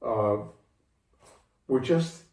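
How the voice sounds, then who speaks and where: An older man being interviewed by his daughter, speaking in a measured, deliberate way with frequent restarts. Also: mid-range voice, darkish tone. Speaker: interviewee, father of the host. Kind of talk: casual conversational interview. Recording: echoey room, mic at a distance, faint background hiss.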